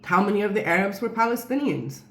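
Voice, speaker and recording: A woman's voice: mid-range voice, expressive, quick pace, fairly bright tone. A woman telling a personal story to camera in a casual, rambling way, with many fillers and restarts. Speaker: storyteller vlogger. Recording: roomy echo.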